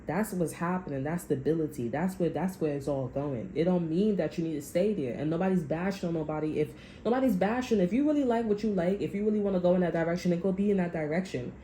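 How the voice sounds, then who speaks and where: A woman's voice: lowish voice, fast talker, hardly any pauses, warm tone, reverberant, a little hiss or hum, rough recording. A woman giving a tarot reading, talking to her viewers in a blunt, profane, sassy way. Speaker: tarot reader. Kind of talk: casual spiritual reading monologue.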